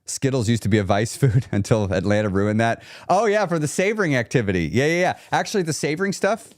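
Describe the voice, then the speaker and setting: A man's voice: mid-range voice, animated, fast, no room sound. Guy coaching people on weight loss, blunt and emphatic, says things twice, dry close sound. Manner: blunt, emphatic, repeats key phrases. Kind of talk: live coaching stream reading chat.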